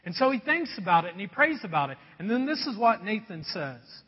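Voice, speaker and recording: A man preaching a sermon in a conversational, animated way, acting out voices as he goes. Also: sits high, fairly quick, husky. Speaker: pastor. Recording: dull sound with long hall reverb.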